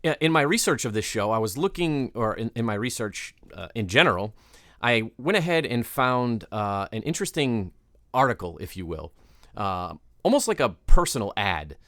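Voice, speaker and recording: A man's voice: medium pitch, sing-song, moderate pace, a bit bright. A man co-hosting a casual podcast, winding through a setup with plenty of fillers and restarts. His voice sits in a plain middle range. The sound is dry and close, with no room echo. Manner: rambling, filler-heavy setup with many restarts. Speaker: podcast co-host. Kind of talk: casual chat.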